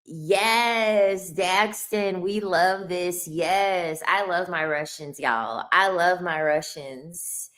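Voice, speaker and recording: A woman's voice: fairly low pitch, extremely slow, hardly any pauses, a bit bright. A woman streaming casual chat who answers her viewers, laughing often and tossing in slangy asides. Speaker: livestreamer reading chat.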